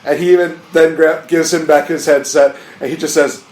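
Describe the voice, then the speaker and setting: A man's voice: fairly high pitch, steady tone, moderate pace, darkish tone, echoey room. A man hosting a podcast, telling stories casually and animatedly, laughing often. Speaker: podcast host. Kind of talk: casual chat.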